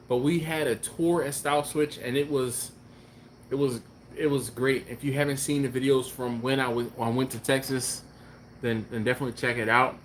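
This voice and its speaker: A man hosting a barbecue channel's live stream, chatting casually and answering viewer comments in a relaxed, rambling way. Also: medium pitch, slight background noise. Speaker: BBQ channel host.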